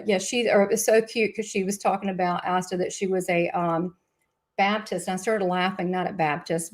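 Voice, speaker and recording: A woman with a Southern US accent hosting a live spiritual show, chatting in a gushing, rambling way with many asides. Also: medium pitch. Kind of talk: casual live-stream chat.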